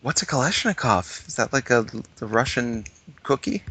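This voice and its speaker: A man co-hosting a podcast, reacting with incredulous, drawn-out remarks in casual banter. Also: mid-range voice, lively intonation, sharp tone, slightly rough. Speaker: podcast co-host.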